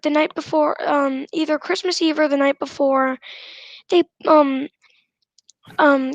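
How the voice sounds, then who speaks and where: A woman student sharing a story in class in a very high voice. She hesitates often and restarts her sentences, and the sound is dry and close. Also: dry recording, dull audio. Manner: hesitant, many fillers and restarts.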